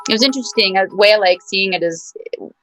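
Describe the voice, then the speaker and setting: A woman's voice: medium pitch, fast, over music, poor audio. A woman hosting a video call, speaking in an earnest, reflective, motivational way. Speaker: host. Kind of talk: casual video call chat.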